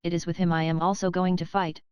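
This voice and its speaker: A gigantic, blustering musketeer , read by a woman who talks bluntly. The voice is very smooth and lowish, and the recording is dry. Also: little pitch movement, fast talker, darkish tone, no echo, close to an everyday voice. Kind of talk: audiobook character reading.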